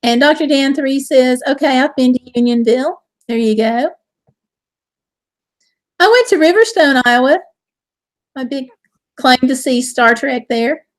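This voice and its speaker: A woman's voice: high-pitched, measured pace, pauses often. A woman hosting a casual live stream from home, with a Southern US accent, cheerfully reading viewer comments aloud.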